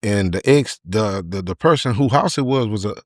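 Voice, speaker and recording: A man's voice: fairly low pitch, expressive, darkish tone, dry recording, studio quality. Man telling a raw story. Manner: emotional, halting with many repeats. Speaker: podcast guest. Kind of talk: candid personal storytelling.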